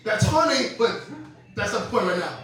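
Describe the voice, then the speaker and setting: A man's voice: high-pitched, expressive, normal speed, fairly bright tone, very echoey, recorded from a distance, soft background music, low-quality recording. A young man performing a stand-up comedy set, telling stories with quoted voices and laughing asides on a club stage.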